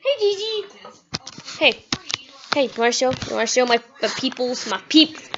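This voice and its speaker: Giggly high-voiced teen girl vlogging. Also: big pitch swings, moderate pace. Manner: giggly, self-mocking, chatty. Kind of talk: casual rambling home vlog. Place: at home, in and around the kitchen. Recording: dull lo-fi home video with faint noise.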